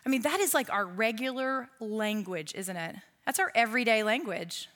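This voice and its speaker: A woman's voice: fairly high pitch, normal speed, a bit bright. A woman, giving a casual, humorous sermon with asides to the audience. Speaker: Bible teacher.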